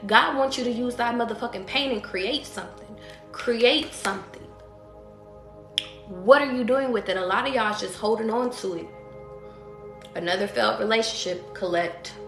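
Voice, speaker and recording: A woman's voice: a little high, normal speed, long pauses. A woman tarot reader on a live stream, ranting bluntly and profanely to her audience, repeating herself for emphasis. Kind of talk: live-stream motivational rant. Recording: roomy echo with faint music behind.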